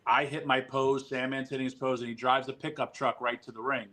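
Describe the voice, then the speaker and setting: A man at an average pitch tells stories on a podcast. He is animated and profane, with lots of fillers and quick asides. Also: rough recording. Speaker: guest. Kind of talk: podcast storytelling.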